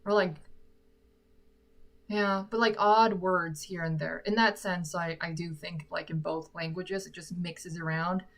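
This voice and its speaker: Her voice is fairly low and a little slow, with fairly even intonation. This American-accented singer hosts an informal Q&A livestream from her room, chatting and joking at her own expense into a sock-covered microphone.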